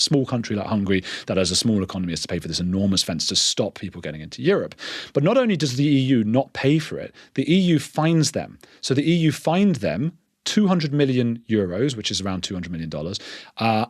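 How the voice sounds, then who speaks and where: An English man, a podcast guest, talking in a quick, earnest way and restarting his sentences often. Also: lowish voice, no room sound, studio quality. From England. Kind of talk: conversational interview.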